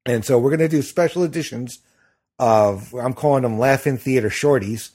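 Middle-aged male podcast host, husky, chatty and rambling with fillers. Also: mid-range voice, normal speed, a little mellow. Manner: rambling with many fillers and restarts. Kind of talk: casual chat.

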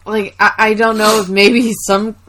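A woman's voice: mid-range voice, level tone, a little slow, fairly bright tone, a little hiss or hum, rough recording. A woman co-hosting a podcast, talking casually with many fillers and casual swearing. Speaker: podcast co-host. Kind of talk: casual chat recapping a sitcom.

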